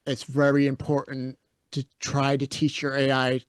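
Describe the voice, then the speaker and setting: A man's voice: medium pitch, monotone, moderate pace, clean tone. A man co-hosting a podcast in casual, unscripted chat, with a mid-range voice. He tells his stories bluntly and gives strong opinions. The sound is dry, with almost no room echo. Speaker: podcast co-host.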